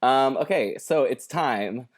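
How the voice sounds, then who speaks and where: A man's voice: mid-range voice, expressive, slow, very noisy. This is a male podcast host in loose, easygoing conversation. He pokes fun at himself and keeps the talk moving with a chatty, offhand manner. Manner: chatty and self-deprecating. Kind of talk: casual chat.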